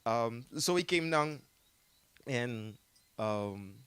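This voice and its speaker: A man's voice: mid-range voice, expressive, very slow, a bit bright, clean tone, no room sound. Laughing Jamaican man telling a story. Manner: rambling, laughs often, many fillers. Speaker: artist telling his story as a guest. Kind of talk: casual interview storytelling.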